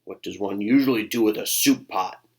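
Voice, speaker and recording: A man voicing a scruffy, nasty-tempered varmint in a storybook, gruff and snapping. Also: lowish voice, normal speed, a little mellow, natural voice. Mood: snappish.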